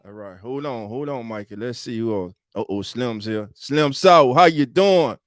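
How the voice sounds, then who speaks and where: A man hosting a casual sports podcast live stream, greeting viewers with loud, hyped shout-outs, speaking. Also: medium pitch, moderate pace, dry recording, clean studio sound. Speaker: podcast host.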